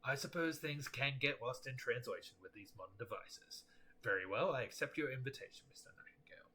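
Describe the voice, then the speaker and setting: A man's voice: medium pitch, a little fast, sharp tone, a little hiss or hum, close to an everyday voice. A man voicing a cantankerous, suspicious older man with a haughty, prickly manner. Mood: grudging.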